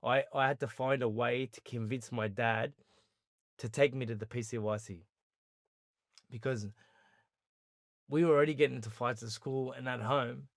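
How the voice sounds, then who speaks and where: An Australian man tells his story as a podcast guest, animated and lively, slipping into the voices of the people he quotes. His voice sits at an ordinary middle pitch for a man. The recording is close and dry, with no room sound. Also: moderate pace, long pauses, no room sound. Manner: animated storyteller who acts out quoted dialogue. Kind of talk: storytelling interview.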